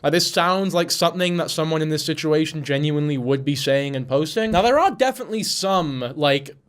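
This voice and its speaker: A man's voice: a little high, lively intonation, a little fast. A man making a casual commentary video, talking bluntly and swearing often, sounding exasperated. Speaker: commentary creator.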